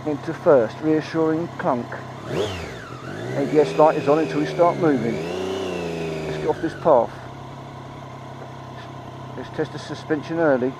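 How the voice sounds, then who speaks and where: A man giving a chatty, excitable ride-along review of a motorbike, swearing freely, talking into a helmet mic outdoors. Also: fairly high pitch, gravelly. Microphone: helmet-mounted mic. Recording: muffled, engine and road noise.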